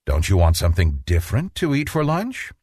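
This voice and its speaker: A man's voice: low-pitched, huge pitch swings, brisk, darkish tone, slightly rough, no room sound, clean studio sound, voice pushed down, heavily acted. A man voicing a patient mother pleading with her picky son, in a sing-song storybook manner. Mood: coaxing.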